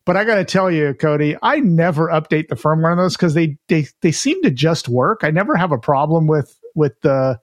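A man co-hosting a casual retro gaming podcast, chatty and relaxed, reading out listener news with his own asides. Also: on the high side, a little fast, hardly any pauses, no echo, clean studio sound. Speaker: podcast co-host.

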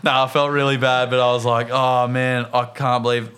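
An Australian man co-hosting a podcast, telling a story in an animated, tumbling way. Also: medium pitch, brisk, clear, resonant tone. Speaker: podcast co-host. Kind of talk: casual chat, storytelling.

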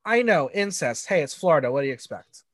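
A man co-hosting a casual recap podcast, snarky and gossipy, tossing out quick quips. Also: a little high, very animated, a bit bright, no room sound. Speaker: podcast co-host recapping a reality show.

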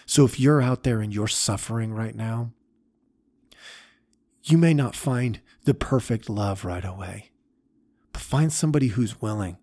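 Man, podcast host, storytelling, earnest, halting, husky, low-pitched. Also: dark tone, no echo. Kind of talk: storytelling talk.

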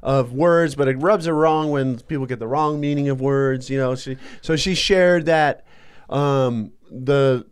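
A man co-hosting a podcast in casual chat, an animated storyteller who laughs often. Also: medium pitch, measured pace, clear, resonant tone. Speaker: podcast co-host.

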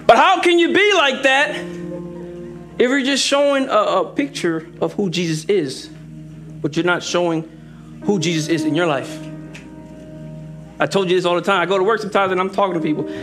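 A young man preaching a sermon as an assistant pastor, lively and joking, speeding up for asides and slowing down for emphasis. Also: sits high, soft background music. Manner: lively, joking, shifts between fast asides and slow emphatic lines.

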